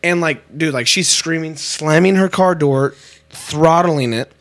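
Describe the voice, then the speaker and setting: A young man in casual chat, telling an animated story full of swearing. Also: on the high side, unhurried. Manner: animated, swearing, laughing anecdote teller. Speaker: podcast co-host.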